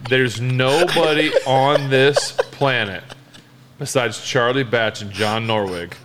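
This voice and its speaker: A man's voice: medium pitch, slow pace, very noisy. A man hosting a casual sports chat at a bar, telling stories with lots of laughter and filler words. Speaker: podcast host, former quarterback.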